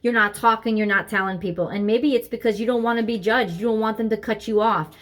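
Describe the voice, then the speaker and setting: A woman's voice: a little high, quick pace, a bit bright. Earnest woman giving a tarot reading. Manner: earnest, repeats herself while thinking aloud. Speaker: tarot reader. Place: home, seated at desk with her dog nearby.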